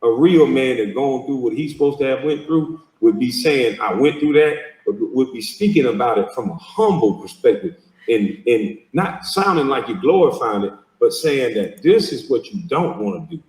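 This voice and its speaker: A man's voice: medium pitch, animated, moderate pace, darkish tone, far from the mic. Mocking, confrontational man in an echoey room. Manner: mocking, confrontational, swears a lot. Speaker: host reacting to a video clip. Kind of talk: heated reaction commentary. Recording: echoey room, speaker off mic.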